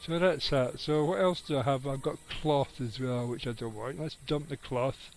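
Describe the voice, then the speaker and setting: A man's voice: medium pitch, normal speed, slight background noise, rough recording. A middle-aged man, giving rambling, casual live commentary on his game and chatting with viewers, swearing now and then. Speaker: game streamer.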